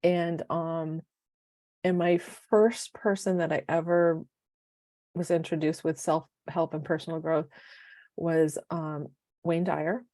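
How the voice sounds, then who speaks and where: Co-hosting a laid-back podcast, this woman in her fifties tells lively stories and performs the quoted lines herself. She has a low voice and a slow pace, recorded in studio quality with no echo.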